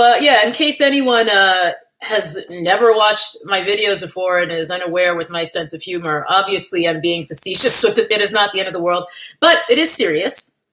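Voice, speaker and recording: Young adult woman, livestream host, casual and wry, mid-pitched, laughs easily. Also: fairly bright tone. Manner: chatty and wry, laughs often, greets chat by name. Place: at home in California.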